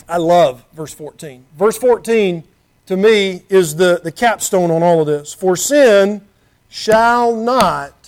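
Male preacher with a high voice, earnest and chatty in the pulpit, reads scripture aloud, keeps asking the room questions. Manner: earnest, conversational, with rhetorical questions; reads scripture in King James wording. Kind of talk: sermon.

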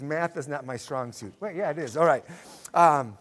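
A middle-aged man teaching a Sunday school class in a slightly high voice. He tells stories with animated energy and repeats his key points, asking the class to read along with him. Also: moderate pace. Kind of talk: Sunday school lesson with storytelling.

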